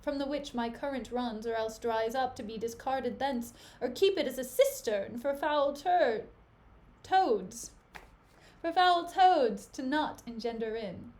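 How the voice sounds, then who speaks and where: A woman's voice: high-pitched, expressive, measured pace, a little mellow. A woman reading the part of a jealous, anguished nobleman, declaiming his bitter lines. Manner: declaiming, bitter Shakespearean speech. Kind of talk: casual dramatic reading on a livestream.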